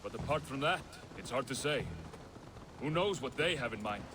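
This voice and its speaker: An actor playing a weary young man trying to leave his gang behind, speaking in an earnest, uneasy, halting way. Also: mid-range voice, animated, noisy background, natural voice. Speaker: video game character.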